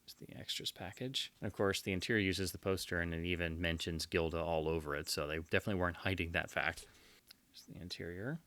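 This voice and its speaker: A man giving casual unboxing commentary as a collector, enthusiastic and quick to heap on superlatives. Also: sits low, steady tone, a bit bright. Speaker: collector presenting his purchases.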